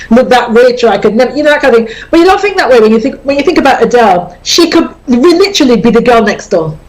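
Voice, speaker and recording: A woman's voice: sits high, rough recording. A woman hosting a radio show, talking casually and explaining her points, often repeating them for emphasis. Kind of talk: conversational radio talk on personal branding. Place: radio studio.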